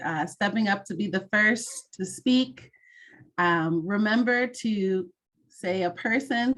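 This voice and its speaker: Woman host on a video call, friendly and directive, mid-pitched. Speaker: mentoring session host. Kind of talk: online mentoring session.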